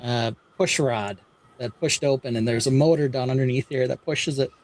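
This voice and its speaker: A man's voice: mid-range voice, normal speed, slight background noise. Guy hosting a chill stream, explaining his build, lots of uh's, easygoing. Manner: relaxed, explains his build step by step with frequent "uh"s. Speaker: podcast host. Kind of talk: casual live-stream chat.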